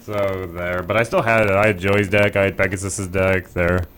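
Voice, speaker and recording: A man's voice: low voice, flat delivery, normal speed, a bit bright, smooth. A young man co-hosting a casual chat, blunt and opinionated in an offhand way. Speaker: podcast co-host.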